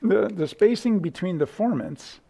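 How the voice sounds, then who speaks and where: Gravelly-voiced man giving a lecture. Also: sits high, expressive, moderate pace, mellow. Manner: casual, thinks aloud with restarts and demos of vowels. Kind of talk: university lecture. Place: lecture hall.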